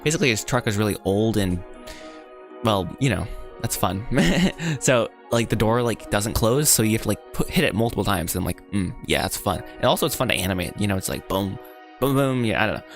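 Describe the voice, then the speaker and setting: A man with a fairly low voice talks casually on a live stream while he works on a script. He rambles, drifts off track and pokes fun at himself. Faint music plays behind him. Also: lively intonation, a little fast. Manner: rambling, self-deprecating, easily sidetracked. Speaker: animator livestreaming his script rewrite.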